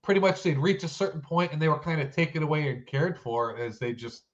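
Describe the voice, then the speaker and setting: A podcast co-host on a casual chat show rambles in a self-deprecating way, sounding stuffy-nosed and nasal. His voice is fairly high-pitched and brisk, and the recording has a dull lo-fi sound.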